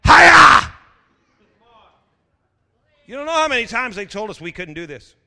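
A man preaching an energetic sermon as pastor, full of stammered restarts, jokey asides and sudden shouted exclamations. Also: high voice, quick pace, long reverb tail.

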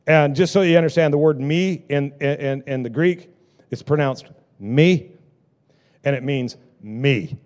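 Male pastor, sermon, dynamic delivery, lively intonation, loud then hushed. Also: a little high, normal speed. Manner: dynamic preaching, swings from loud bursts to hushed lines.

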